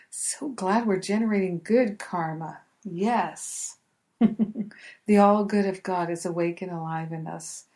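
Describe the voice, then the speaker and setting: A woman leading a guided spoken prayer in soft, affirming, repetitive phrases, with gentle laughter between them. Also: medium pitch. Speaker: prayer leader.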